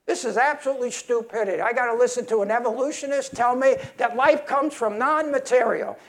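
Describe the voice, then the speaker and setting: Fired-up preacher guy, real high pitched, gravelly, keeps restarting lines. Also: brisk, fairly bright tone. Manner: heated, emphatic, with frequent restarts. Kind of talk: sermon.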